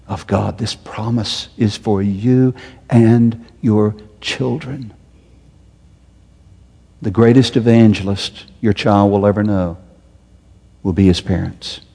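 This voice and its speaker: Impassioned pastor preaching in a reverberant hall. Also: male voice, fairly low pitch, vocal fry, breathy edge. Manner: impassioned, rising to loud emphatic peaks then dropping soft. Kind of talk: sermon.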